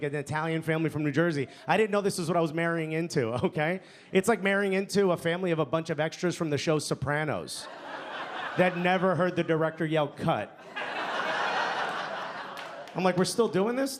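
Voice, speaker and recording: A man doing a stand-up set on a club stage into a handheld mic. He talks in a chatty way, tags his lines with "you know?" and "okay?", and laughs along at his own jokes. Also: high voice. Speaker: stand-up comedian. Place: comedy club stage before a live audience. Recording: live club recording, audience laughter and noise.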